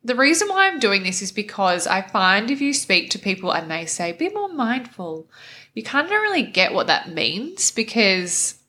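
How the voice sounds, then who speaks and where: A woman's voice: medium pitch, big pitch swings, normal speed, hardly any pauses, sharp tone. A young woman hosting a casual solo podcast, sounding nasal after recent nose surgery and chatting with lots of "like" and "kind of". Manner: chatty, uses many fillers like "like" and "kind of". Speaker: podcast host.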